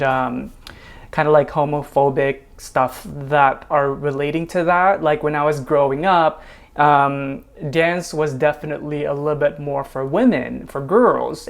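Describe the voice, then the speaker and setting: A man hosting a casual dance reaction video, chatty, laughing often and filling pauses with ums. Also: on the high side, gravelly.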